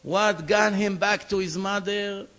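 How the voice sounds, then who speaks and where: A man, a rabbi, telling a story in a sermon, animated and acting out the dialogue as he goes. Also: high voice, unhurried, soft background music.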